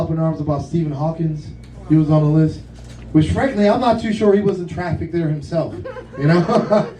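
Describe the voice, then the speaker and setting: A man's voice: on the high side, mellow, recorded from a distance. A man from Puerto Rico doing a stand-up comedy set in a bar, profane and laughing through his jokes. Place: kava bar comedy night, indoors. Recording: roomy bar audio from afar, crowd audible. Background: crowd laughter.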